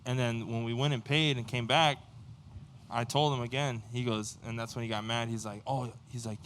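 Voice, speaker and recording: A band member telling a story casually on a livestream, cursing freely and acting out what other people said. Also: male voice, mid-range voice, quick pace, slight background noise. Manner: animated, profane, acts out quoted dialogue.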